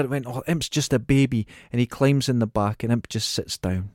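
A man's voice: medium pitch, fairly quick, darkish tone, no room sound, studio quality. A man co-hosting a podcast, giving wry, emphatic opinions on a film in casual, sweary chat. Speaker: podcast co-host.

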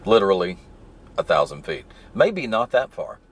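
Low-voiced man with a mild Southern accent. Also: very animated, normal speed. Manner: rambling, easygoing, digressive. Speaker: podcast host. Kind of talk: casual solo storytelling while driving. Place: in his truck stuck in traffic.

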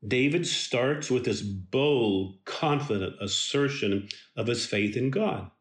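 A man giving a devotional Bible teaching in a slow, emphatic and earnest way. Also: medium pitch, reverberant.

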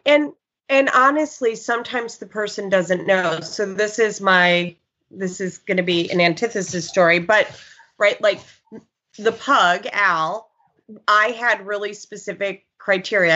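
A woman who works as a dog trainer, chatting casually and telling stories in an animated way. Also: medium pitch. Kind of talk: casual podcast chat. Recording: slightly dull lo-fi sound.

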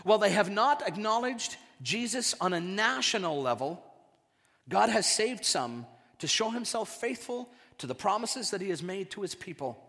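A man preaching a sermon, animated and repeating words as he builds his points. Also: sits high, normal speed, vocal fry, big-room sound. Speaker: pastor.

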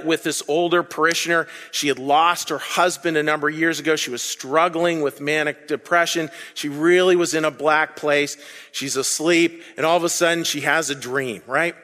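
High-voiced man preaching in a reverberant hall. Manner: animated, conversational preaching with sudden loud bursts and hushed dips. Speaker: pastor. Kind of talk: sermon.

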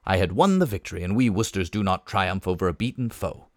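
Expressive man reading a comic novel. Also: low-pitched, fast talker, no echo, studio quality. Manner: lively, expressive storytelling. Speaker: reader.

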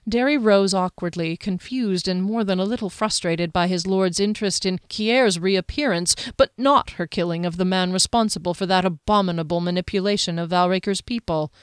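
A woman narrating a fantasy novel in a steady, even storytelling manner on a close studio mic. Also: on the low side, moderate pace, few pauses, clean tone, no room sound. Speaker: audiobook narrator.

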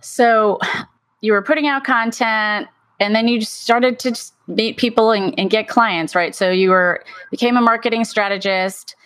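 A woman's voice: fairly high pitch, fairly even intonation, normal speed, fairly bright tone, no echo. A woman podcast host guiding the talk with friendly, prompting questions. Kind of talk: conversational interview.

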